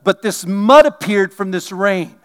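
A middle-aged male pastor preaching a sermon, swinging from loud, driving bursts to quiet asides and jokes. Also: high-pitched, measured pace, clear, resonant tone.

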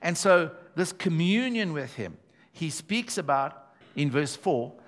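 A man's voice: fairly high pitch, sing-song, slow, fairly bright tone. A man preaching a sermon to his church, emphatic and conversational, calling out to the congregation as he goes. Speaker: pastor.

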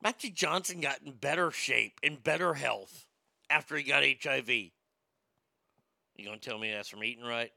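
A man's voice: mid-range voice, normal speed, vocal fry, sharp tone, dry recording. A man hosting a casual show, reading news items and chat comments aloud and riffing on them with irreverent jokes, often stammering and restarting.

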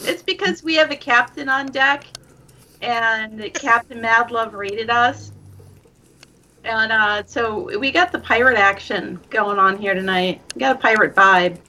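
A woman's voice: fairly high pitch, unhurried, bright, forceful tone, low-quality recording. A woman co-hosting a casual podcast stream, dry and teasing. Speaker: podcast co-host. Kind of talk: casual chat.

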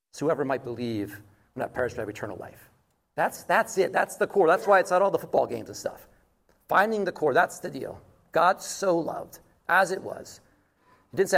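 A male pastor with a fairly high voice preaches in an easygoing, conversational way. He drifts into a lively personal anecdote with animated asides before settling into prayer. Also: creaky. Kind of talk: sermon.

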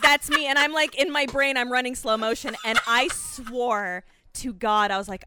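A young adult woman telling a story in casual chat, animated and swearing freely as she acts out her own panicked lines. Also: fairly high pitch, normal speed, background noise.

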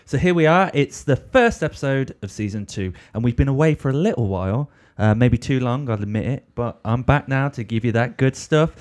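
Chatty podcast host, rambling. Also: male voice, mid-range voice, animated, brisk, hardly any pauses, darkish tone. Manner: rambling, swears, tells anecdotes. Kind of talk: casual comic chat.

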